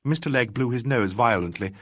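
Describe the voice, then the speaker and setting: A man narrating a classic mystery audiobook in an expressive storytelling manner. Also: medium pitch, fairly quick, no echo, clean studio sound. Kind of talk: scripted narration.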